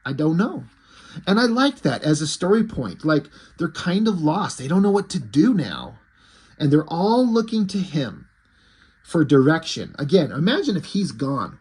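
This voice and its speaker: A man's voice: a little high, darkish tone, slightly rough. A man casually recapping a comic book issue, irreverent and profane, acting out the characters' lines as he goes.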